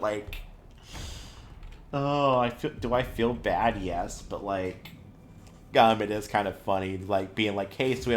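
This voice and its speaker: A man's voice: on the low side, a little hiss or hum. A man streaming a video game and chatting with viewers, telling stories with laughter and a lot of swearing. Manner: chatty, laughing storyteller who swears freely. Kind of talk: casual gameplay chat with viewers.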